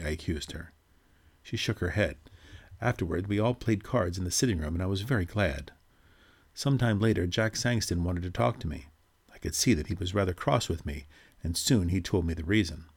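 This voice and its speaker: A man reading a ghost story aloud in measured, steady narration. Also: deep voice, husky.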